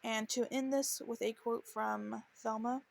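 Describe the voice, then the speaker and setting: A woman's voice: on the high side, fairly even intonation, measured pace, gravelly. A woman hosting a true crime podcast, telling the case in an earnest, emotional way and stumbling into restarts as she reads quotes. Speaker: podcast host.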